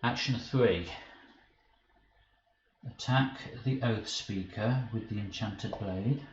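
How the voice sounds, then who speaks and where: A man's voice: fairly low pitch, slow pace. A man streaming a card game live, thinking aloud about his moves and flustered and self-mocking when he slips up. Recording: dull roomy stream audio with faint hiss.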